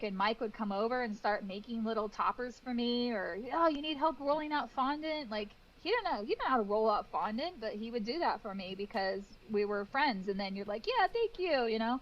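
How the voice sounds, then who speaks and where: A woman in her thirties, a guest cake decorator in a casual interview, telling lively stories and acting out what people said. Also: medium pitch, a little fast, few pauses, muffled recording. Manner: animated storytelling with acted-out quotes and laughs.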